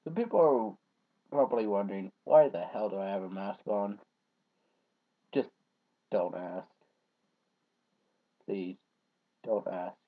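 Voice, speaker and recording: Slow, mumbling guy on a dull lo-fi recording. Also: fairly low pitch. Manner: trails off into mumbles, then rants loudly. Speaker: vlogger. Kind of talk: casual rambling vlog.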